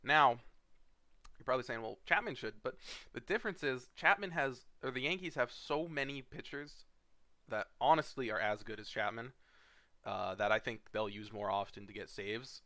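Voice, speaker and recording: A man's voice: mid-range voice, normal speed, bright, forceful tone, no room sound. A young man, a fantasy league commissioner, rambling through a casual recap with lots of fillers and blunt, profane asides, sleepy and yawning. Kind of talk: casual screen-share commentary.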